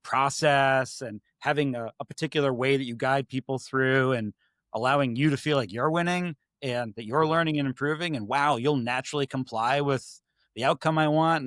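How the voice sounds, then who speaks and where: A man, a podcast guest, telling stories in a casual, animated way and acting out his own past remarks. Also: medium pitch, no echo, clean studio sound. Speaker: podcast guest, IT services manager.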